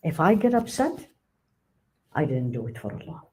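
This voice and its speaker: Animated woman teaching a religious class. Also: deep voice, moderate pace, a little hiss or hum, poor audio. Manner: animated, acts out quoted speech, laughs often. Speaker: Islamic teacher. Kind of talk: religious lecture to a live class.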